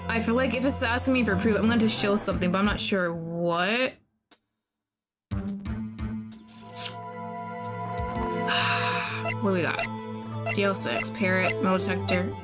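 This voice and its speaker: A woman streamer giving casual gameplay commentary, anxious and exclaiming, often pleading with the game. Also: medium pitch. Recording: clear background music.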